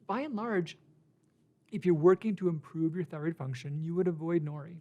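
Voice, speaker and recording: A man's voice: fairly high pitch, moderate pace, warm tone, lo-fi sound. Chatty middle-aged man from northern Minnesota. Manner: conversational, self-correcting, chuckles at figures. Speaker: health educator. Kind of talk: casual explanatory talk.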